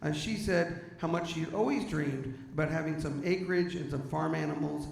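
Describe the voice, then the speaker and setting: Male stand-up comic, animated storyteller; high, gravelly, roomy live-venue sound. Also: moderate pace, slight background noise. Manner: animated storytelling, bursts into shouting. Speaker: stand-up comedian. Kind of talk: clean stand-up comedy. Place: stage before an audience.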